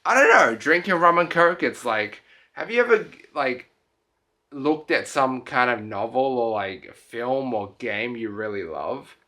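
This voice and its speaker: This travel vlogger, a young man both tipsy and worn out, drifts through a late-night casual video in loose, rambling speech that keeps cutting off and resuming. His voice is mid-range with a sharp tone.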